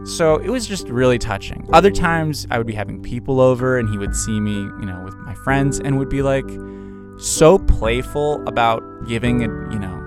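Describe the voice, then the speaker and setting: A man's voice: mid-range voice, animated, normal speed, over music. A man telling a personal story in a casual, conversational way, with fillers and restarts.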